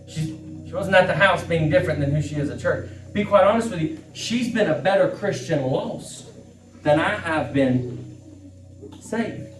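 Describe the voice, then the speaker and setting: A man's voice: on the high side, moderate pace. A middle-aged man, preaching a fervent sermon as a pastor and repeating phrases for emphasis. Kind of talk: impassioned sermon. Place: church sanctuary. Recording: echoey church room, distant mic, faint music.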